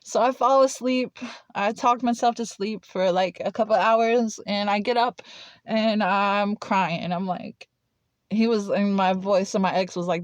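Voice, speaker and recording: A woman's voice: mid-range voice, a little slow, no echo. A young woman telling a personal story in casual chat, blunt and swearing freely, with lots of "like" fillers.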